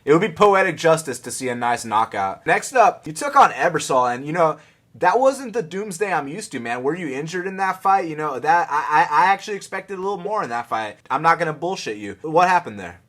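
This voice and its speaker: A man hosting a podcast, asking questions in a relaxed, conversational way. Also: on the high side, fairly quick. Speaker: podcast host. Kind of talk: casual interview.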